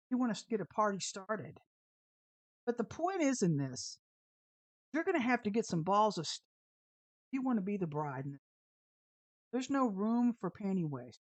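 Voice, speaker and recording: A woman's voice: fairly high pitch, no room sound. A woman preaching an informal sermon in a fiery, sassy, emphatic way.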